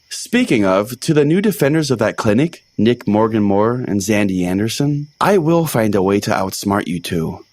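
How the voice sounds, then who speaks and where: A man's voice: lowish voice, dry recording. A man voicing a pompous, self-righteous, hotheaded small-town pastor in a comedy podcast sketch. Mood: indignant. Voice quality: pompous, blustering. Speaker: host.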